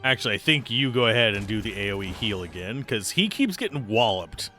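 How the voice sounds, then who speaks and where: Bright-voiced male game streamer. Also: fairly low pitch, animated, fairly quick, soft background music. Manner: chatty, giving tactical calls to his party. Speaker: let's play streamer. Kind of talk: casual gameplay commentary, reading game text aloud.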